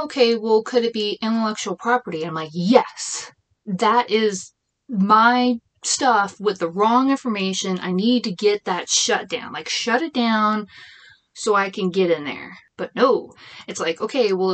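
A woman's voice: medium pitch, fairly bright tone. A woman in her thirties, a small business owner, chatting casually, rambling with frequent restarts and venting her exasperation. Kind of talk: casual chat.

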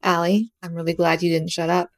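A woman's voice: fairly low pitch, flat delivery, dry recording. A woman hosting a podcast interview, affirming and encouraging toward her guest. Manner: warm and affirming, quick to encourage and laugh along. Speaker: podcast host. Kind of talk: casual interview.

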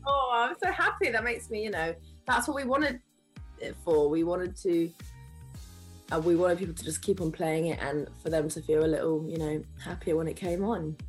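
A young woman from North London talks with a London accent, loose and full of "like." She laughs often, and her voice sits a little low. Faint music runs under her. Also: normal speed, breathy edge, poor audio. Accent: London English. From North London, England. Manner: chatty, laughs easily, heavy use of "like". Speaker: singer guest. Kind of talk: casual chat.

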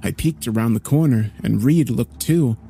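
A man narrating a horror story in a measured, grave storytelling manner. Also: medium pitch, gravelly, dark tone.

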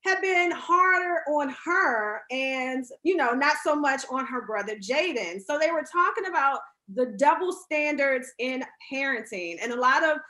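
A woman hosting a casual interview over a video call, bubbly and quick to laugh. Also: high-pitched, animated, sharp tone. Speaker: talk show host.

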